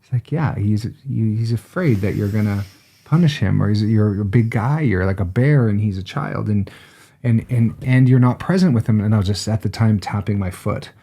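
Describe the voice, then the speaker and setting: A middle-aged man, co-host of a podcast, telling a personal story in a relaxed, conversational way and acting out the voices of the people in it. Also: fairly low pitch, moderate pace. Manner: animated storyteller, acts out quoted voices, frequent restarts.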